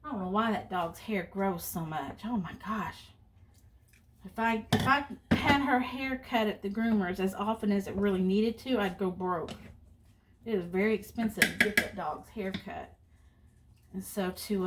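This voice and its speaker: A woman's voice: medium pitch, normal speed, recorded from a distance, noisy background. Chatty middle-aged woman cooking, roomy kitchen. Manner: chatty storyteller, rambling asides. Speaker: cooking vlogger. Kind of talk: casual chat while cooking. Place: home kitchen.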